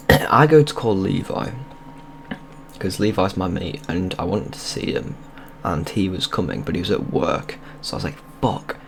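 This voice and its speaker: A man's voice: low voice, animated, normal speed, vocal fry, a little hiss or hum. A young man, telling a rambling, sweary story in casual vlog style over gameplay. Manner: rambling, sweary and loose, with many restarts. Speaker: video creator.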